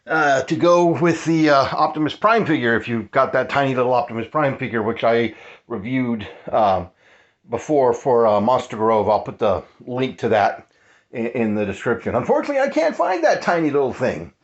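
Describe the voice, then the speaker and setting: A man casually unboxing a collectible toy in his cluttered apartment, rambling excitedly and chuckling, recorded on a handheld cellphone. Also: mid-range voice, moderate pace, highs cut off.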